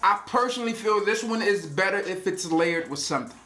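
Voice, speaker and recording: A man's voice: high voice, lively intonation, fairly quick, pushed and bright. Joking man in a roomy room. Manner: joking, rambling storyteller. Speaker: fragrance reviewer. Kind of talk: casual review vlog. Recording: roomy echo.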